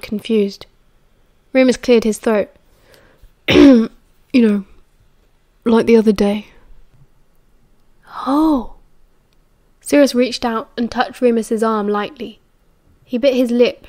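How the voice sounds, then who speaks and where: A woman with a British accent reading an audiobook in an even, measured way. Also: on the high side. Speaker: audiobook reader. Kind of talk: audiobook narration.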